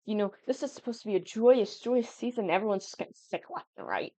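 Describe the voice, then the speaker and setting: A woman's voice: medium pitch, quick pace, darkish tone, no room sound. Giggly rambling 19-year-old woman. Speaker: gaming YouTuber. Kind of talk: casual chat over gameplay. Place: at home. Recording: dull lo-fi dry sound.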